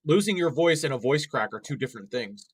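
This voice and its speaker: A man's voice: medium pitch, expressive, brisk, breathy edge. A young man co-hosting a wrestling watch-along stream, rambling through live commentary with many fillers and restarts.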